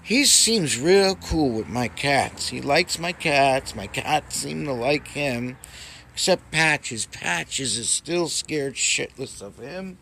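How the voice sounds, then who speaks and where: A man casually rambling in a home vlog, cooing softly at his cats. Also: medium pitch, expressive, slow pace, vocal fry, slight background noise. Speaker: vlogger. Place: home indoors.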